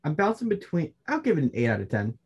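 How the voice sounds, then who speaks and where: A man's voice: on the high side, quick pace, husky, dull audio. A man with a suburban Chicago accent co-hosting a podcast, teasing and chatty with many fillers. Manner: teasing, animated, lots of fillers. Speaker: podcast co-host. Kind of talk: casual podcast chat.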